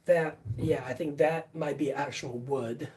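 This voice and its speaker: A live-stream host talks slowly and loosely from a basement workshop, full of fillers, restarts and offhand swearing. The voice sits at a middling pitch and sounds set back from the microphone. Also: fairly even intonation, mellow, distant mic. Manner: rambling, many fillers and restarts, casual swearing. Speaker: livestream host. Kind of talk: casual live-stream chat.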